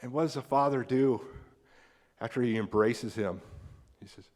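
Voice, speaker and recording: Animated American preacher in a reverberant hall. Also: male voice, moderate pace, pauses often. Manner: animated, acts out quoted characters with big pitch jumps. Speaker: pastor. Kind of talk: sermon. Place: church sanctuary.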